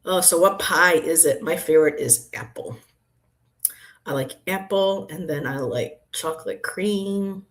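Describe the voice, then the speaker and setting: Woman, low voice, casual livestream chat, rambling, laughs often, home room. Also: unhurried. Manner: chatty, rambling, laughs often, greets viewers by name. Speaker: tarot reader and livestream host. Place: apartment room.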